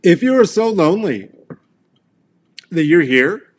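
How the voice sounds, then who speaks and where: A man's voice: high-pitched, sing-song, measured pace, husky. A middle-aged man hosting a rambling solo comedy monologue, crude and sarcastic, full of fillers and trailing asides. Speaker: comedy show host. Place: Colorado.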